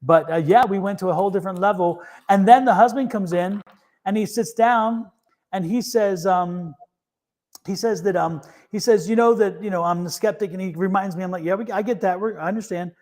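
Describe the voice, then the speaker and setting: Speaking briskly in a high, slightly mellow voice, a tarot reader hosting a live-stream show tells casual stories. He rambles with many restarts and fillers and laughs easily along the way.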